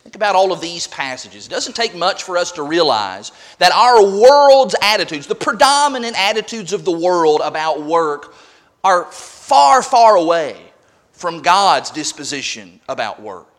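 A man's voice: high-pitched, very animated, measured pace. A man preaching a sermon who reads scripture aloud and repeats key points with emphasis. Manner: emphatic, repeats scripture references, swings from quiet to loud.

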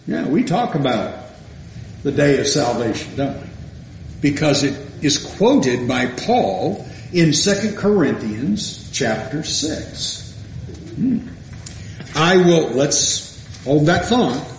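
A man preaching a sermon, reading scripture aloud and asking his listeners questions, rising to emphatic peaks and dropping to soft asides. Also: a little high, expressive, takes it slowly, a little hiss or hum. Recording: echoey room.

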